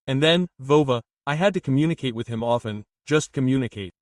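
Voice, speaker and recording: A man narrating a dramatic first-person life story in an even, steady reading voice. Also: mid-range voice, brisk, no echo, clean studio sound, distant mic.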